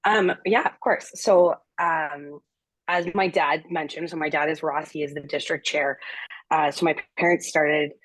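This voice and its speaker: Low-voiced woman guest on a video call. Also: steady tone, measured pace, dry recording, rough recording. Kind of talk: casual interview.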